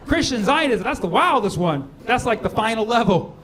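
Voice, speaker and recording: High-voiced stand-up comic, crowd laughing. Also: male voice, lively intonation. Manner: playful, ironic, quick asides and acted quotes. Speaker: stand-up comedian. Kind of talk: stand-up routine. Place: comedy club stage with a live audience. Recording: live club recording with crowd laughter.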